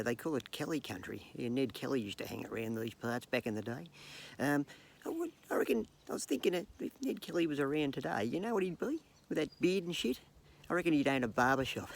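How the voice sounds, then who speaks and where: Australian bloke, gravelly, profane joke-spinner who laughs at himself. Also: male voice, medium pitch, slight background noise. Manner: profane, joking, laughs at his own gags; hesitant fillers and restarts. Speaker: comedic vlogger. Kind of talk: rambling yarn-telling to camera.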